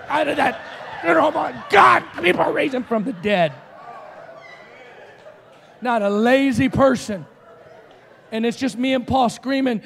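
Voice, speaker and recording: A middle-aged man preaching as a guest speaker, telling stories with animated energy and shouted outbursts. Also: high voice, a little slow, gravelly, in a large hall, a faint crowd. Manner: animated storytelling, shouting quoted screams. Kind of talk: sermon.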